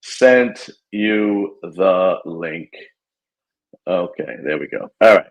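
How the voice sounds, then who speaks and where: A man's voice: low voice, animated. Stammering male podcast host. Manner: stammering, halting restarts. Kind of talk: casual chat.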